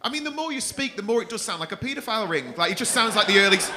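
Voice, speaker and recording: A man's voice: high voice, lively intonation, rapid-fire, hardly any pauses, background noise. A man hosting a comedy club, teasing the audience with sweary crowd-work banter.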